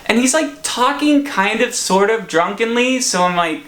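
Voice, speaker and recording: A man's voice: sits high, lively intonation, normal speed, a bit bright, reverberant. A young man vlogging a dramatic, laughing storytime from his apartment. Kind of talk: storytime vlog.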